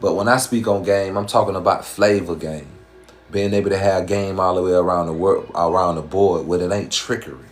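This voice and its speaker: A man's voice: sits low, steady tone, fairly quick, soft background music. A man with a Southern American accent, hosting a live stream in casual chat and talking in slangy, profane, rhyming streetwise patter. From Southern US, Georgia.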